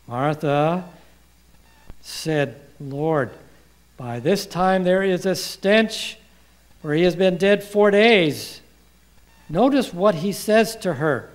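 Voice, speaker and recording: High-voiced, slow-paced man preaching. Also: lively intonation. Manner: asks the congregation questions and pauses for replies; quotes scripture with rising emphasis. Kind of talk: sermon.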